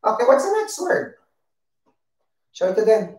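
A woman's voice: sits high, big pitch swings, darkish tone. Patient, encouraging woman preschool teacher. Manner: slow, patient and encouraging, repeating words and praising. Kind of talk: online preschool circle-time lesson. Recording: roomy echo.

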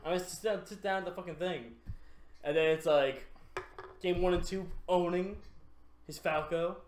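Young dude cohost, kinda high voice, excitable swearing, echoey room w/ faint hiss. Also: male voice, normal speed. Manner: excitable, profane storytelling. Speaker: podcast co-host. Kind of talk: casual chat.

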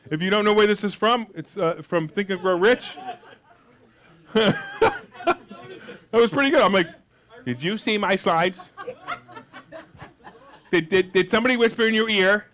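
A man giving a live motivational money seminar, brash and jokey, with loud outbursts and quiet asides. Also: high voice, a little slow, long pauses. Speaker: seminar speaker.

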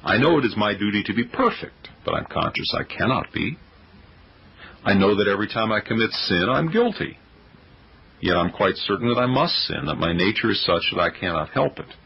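A man reading an old-fashioned sermon in a solemn, declamatory preaching manner, with a gravelly voice. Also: lowish voice, lively intonation, normal speed. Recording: dull lo-fi audio.

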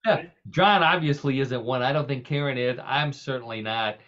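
A man hosts a casual, comedic podcast, cracking jokes and laughing often in a medium-pitched, slightly bright voice at a moderate pace. The recording sounds muffled.

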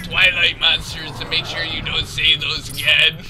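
A man's voice: on the high side, little pitch movement, a little slow, noisy background, natural voice. A man voicing a spiteful flying alien saucer in a petty, scolding tone.

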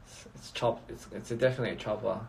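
A man's voice: on the low side, steady tone, quick pace, gravelly, a little mellow, a little hiss or hum. A man chatting casually on a phone livestream, rambling and reading out viewer comments. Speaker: livestream host.

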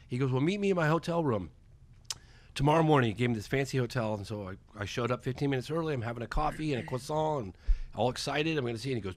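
A documentary filmmaker in his forties tells a story as a guest in a podcast studio, with no echo on the recording. His mid-range voice is fast and excitable, and he acts out the quoted dialogue in a lively way.

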